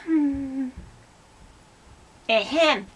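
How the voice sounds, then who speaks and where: A woman voicing a gentle, puzzled puppet pig. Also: high-pitched, lively intonation, very slow, exaggerated voice, low-quality recording. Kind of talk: puppet skit.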